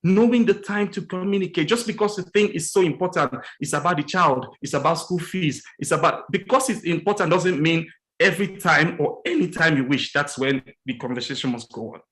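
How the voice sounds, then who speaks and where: A man with a fairly high voice talks earnestly on a religious morning show. He slows right down to lean on key words, and he repeats his main points so they land. Now and then he acts out little scenes with lively jumps in pitch. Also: poor audio. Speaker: studio guest on a religious breakfast show. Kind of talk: earnest teaching talk on relationships.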